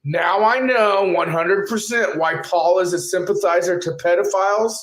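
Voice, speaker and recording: Hosting his own channel, a man with a high-pitched voice and moderate pace delivers an angry, profane tirade accusing a rival. The audio has an echoey room sound and faint noise.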